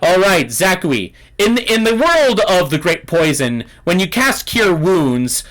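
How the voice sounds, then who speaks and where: A man's voice: sits high, sing-song, unhurried, fairly bright tone. A man running a tabletop game as game master, narrating in a loose, filler-heavy way over a video call.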